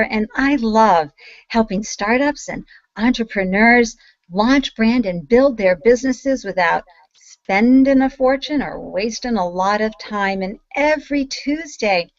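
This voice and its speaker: A woman's voice: mid-range voice, no room sound, lo-fi sound. A woman hosting an online talk show, bubbly and effusive as she introduces her guest. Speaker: host.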